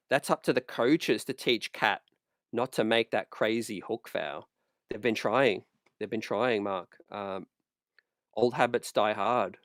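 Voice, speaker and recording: A man's voice: medium pitch, a bit bright, no room sound. Dry-voiced male sports fan host. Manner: conversational, peppered with "you know" and "man", worked up. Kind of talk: casual basketball fan commentary.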